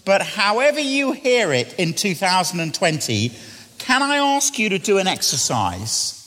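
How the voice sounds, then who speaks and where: A middle-aged man preaching a sermon, often questioning the congregation and sinking to quiet, hushed lines. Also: high voice, very animated, measured pace. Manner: asks the congregation questions, drops to quiet near-whispers. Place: church. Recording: long church reverb.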